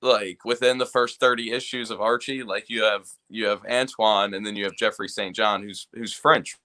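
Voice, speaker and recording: A man guesting on a podcast, playful and excitable, laughing often as he talks. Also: lowish voice, moderate pace. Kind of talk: casual interview chat.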